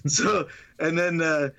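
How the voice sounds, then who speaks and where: A man's voice: on the high side, moderate pace, a bit bright, lo-fi sound. A man on a podcast retelling a funny movie scene in a casual chat, laughing often and acting out the lines in voices. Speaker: podcast co-host.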